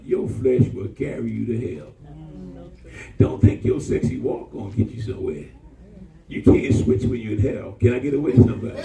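A man preaching a sermon to a church congregation, calling for responses and mixing humor with warnings. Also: vocal fry. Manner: call-and-response preaching, jumps to high excited pitch. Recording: roomy church from far off.

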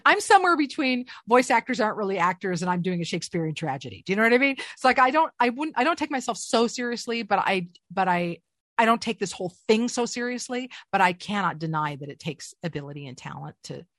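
A middle-aged woman speaks as a guest in a casual interview, swooping freely up and down in pitch. Her voice sits dry and close, with no room around it. She tells her stories with an animated, self-mocking humor. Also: fast talker, no echo. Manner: animated, self-deprecating storyteller. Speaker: voice actor, guest.

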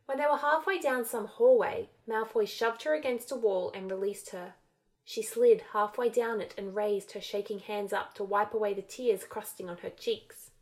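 Woman, audiobook narration, steady even reading, story chapter. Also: mid-range voice. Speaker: fan fiction reader.

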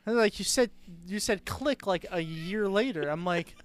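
A man's voice: high voice, normal speed, clear, resonant tone, dry recording. A man co-hosting a podcast, joking bluntly and swearing freely in casual sports talk. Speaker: podcast co-host.

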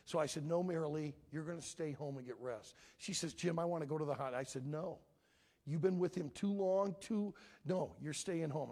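A man's voice: mid-range voice, creaky, dark tone, husky. A middle-aged man, a pastor, preaching a sermon and telling an emotional personal story with dramatic swings in his voice. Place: church.

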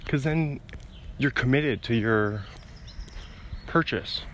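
Slow and prone to frequent pauses, a young male podcast host talks alone while walking along a road, his phone at his ear. His medium-pitched voice has a fairly bright tone, and he wanders, interrupts himself, and chuckles at his own asides. The recording carries a little hiss or hum.

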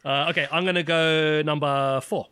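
Bright, teasing man. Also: fairly high pitch, steady tone, moderate pace, smooth, no room sound. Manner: laughs often, teasing. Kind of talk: casual chat, two truths and a lie game.

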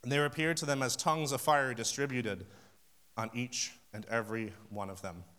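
A male preacher delivering a camp-meeting sermon in a steady mid-range voice. He tells stories with passion and acts out conversations. His delivery swells to sudden emphatic peaks. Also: mid-range voice, moderate pace, clear, resonant tone. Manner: storytelling, acting out phone conversations. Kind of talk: sermon with personal story.

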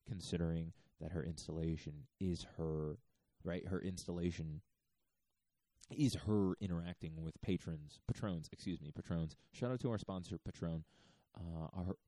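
A man's voice: low-pitched, dark tone, no echo, rough recording. A man hosting a podcast, talking casually and rambling with many fillers and restarts. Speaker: podcast host.

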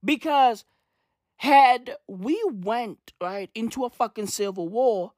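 A young man delivering a comedic rant, animated and slangy, swearing and repeating his punchlines. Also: very high-pitched, slow, dry recording, studio quality. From South Africa. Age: young adult.

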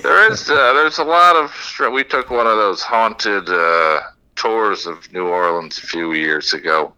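Male comedian guest, bright and low, easygoing. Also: measured pace, clear, resonant tone, low-quality recording. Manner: laid-back, short agreeing replies. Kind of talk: casual chat.

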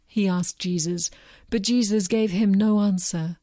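A woman reads a scripture passage aloud in a plain, even way. Her voice is mellow and warm at a middle pitch. The recording is dry and close. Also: measured pace, no room sound. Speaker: reader. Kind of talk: scripture reading.

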